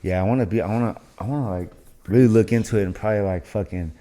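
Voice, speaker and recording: A young man who is a fighter and podcast co-host chats casually in a Las Vegas studio, rambling with heavy slang and swearing. His voice is on the low side with a dark tone, and he talks quickly.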